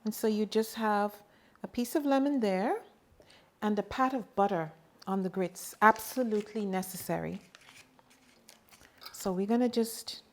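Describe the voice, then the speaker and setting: A middle-aged woman talks through a recipe in her home kitchen. She takes her time, with a mid-range voice and a relaxed, chatty manner full of little personal asides. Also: mid-range voice, measured pace. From Bahamas. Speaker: home cook and farmer. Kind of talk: cooking demonstration.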